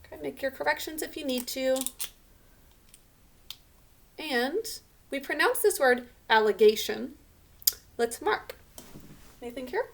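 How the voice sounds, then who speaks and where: A woman's voice: high-pitched, animated, unhurried, vocal fry, pauses often, a little hiss or hum. A woman teacher giving a recorded spelling lesson, patiently sounding out each syllable and letter sound.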